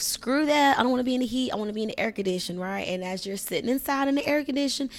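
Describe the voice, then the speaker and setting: A woman with a gravelly, fry-edged voice at a middle pitch, hosting a relaxed astrology and wellness podcast. She talks in a chatty, coaching way, peppering her advice with check-ins to her listeners. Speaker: podcast host. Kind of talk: casual astrology and wellness talk.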